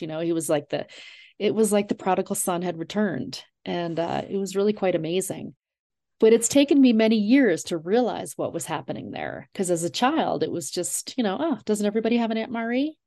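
A middle-aged woman, an author being interviewed, telling family memories in a warm, digressive way with many fillers. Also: fairly low pitch. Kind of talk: reflective storytelling.

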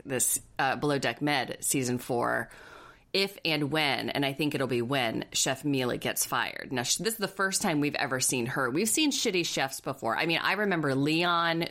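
Low-voiced chatty woman podcast host. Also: a bit bright. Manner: chatty, gossipy, fast asides. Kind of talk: casual chat.

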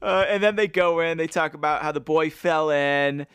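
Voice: mid-range voice, moderate pace, a bit bright, clean tone, no echo. A podcast co-host chatting playfully about a book, reading passages aloud with lots of animation. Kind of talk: casual book-discussion chat.

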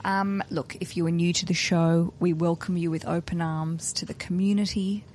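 A woman hosting a podcast, chatting briskly and cheekily on a stationary train. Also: lowish voice, flat delivery, darkish tone, slight background noise. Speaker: podcast host. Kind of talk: casual podcast chat.

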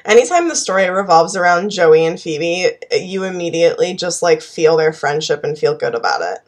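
Female co-host, slightly low voice, relaxed filler-heavy chat. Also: moderate pace. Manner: easygoing, heavy use of "like". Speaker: podcast co-host. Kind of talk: casual chat.

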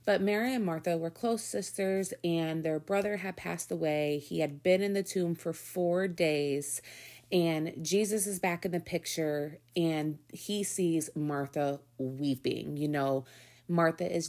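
A middle-aged woman giving an informal devotional talk, earnest and conversational, slowing down to stress key words. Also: low voice, darkish tone. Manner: earnest, conversational, slows down for emphasis. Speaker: Bible teacher.

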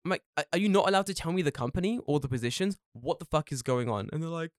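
A man co-hosting a casual podcast, telling animated stories, swearing freely and acting out other people's voices. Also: fairly high pitch, fast talker, dry recording, clean studio sound. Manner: animated storytelling, swears a lot, mimics people. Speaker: podcast co-host.

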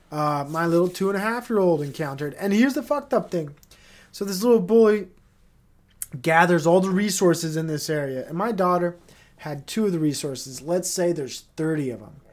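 With a fairly high, a little mellow voice, a podcast host in his thirties talks on his own in a casual monologue. He meanders and swears, leaning on fillers and drifting into tangents.

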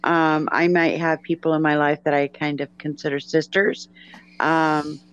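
A woman co-hosting a podcast, telling a family story in a measured, casual way with some restarts. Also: sits low, little pitch movement, clean tone, dull audio. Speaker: podcast co-host.

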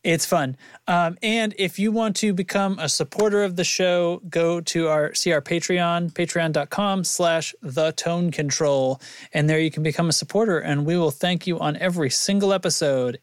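A man's voice: a little high, moderate pace, smooth, dry recording. A man hosting a casual podcast outro, rambling, stumbling over names and laughing at himself. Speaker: podcast host.

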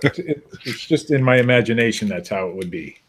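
A man's voice: medium pitch, animated, a little fast, noisy background. A man co-hosting a podcast in casual chat, easygoing and amused. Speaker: podcast co-host.

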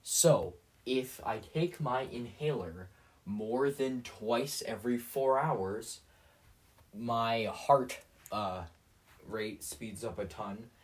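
This teenage boy, hosting a podcast, takes it slowly in a medium-pitched man's voice while rambling through a sarcastic, self-mocking solo rant full of fillers and restarts. The mic is distant.

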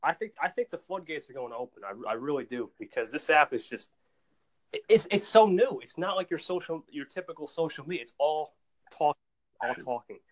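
A male podcast host in casual chat, telling stories in an excitable, animated way and often repeating words as he goes. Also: on the high side, brisk.

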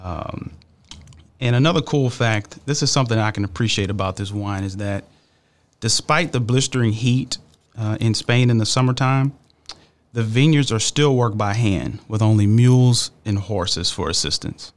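Guy on a wine podcast, kinda low voice, laid back, lots of ums while he explains stuff. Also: moderate pace. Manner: relaxed, explains facts with fillers. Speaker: wine podcast co-host presenting a wine. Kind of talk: casual chat.

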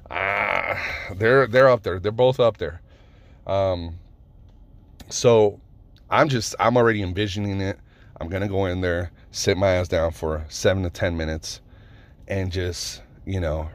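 A man's voice: on the low side, no echo. A man telling a story in a casual, rambling rant, swearing often and stopping to restart his sentences with lots of fillers.

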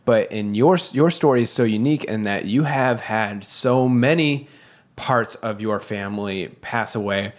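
Male podcast co-host, lowish voice, thoughtful, hunting for words, casual chat. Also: a little slow.

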